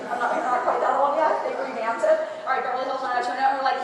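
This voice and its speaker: A woman's voice: sits high, fairly even intonation, fast, hardly any pauses, crowd noise, background noise. An American woman giving a chatty, self-mocking storytelling lecture to students, laughing often. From United States. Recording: echoey hall recorded from far off.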